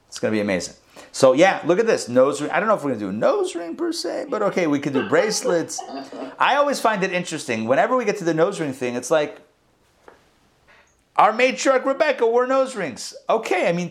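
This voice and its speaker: A man, a rabbi, teaching a Torah class and retelling the verses in a lively storytelling way. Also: medium pitch. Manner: animated storytelling, acts out the verses.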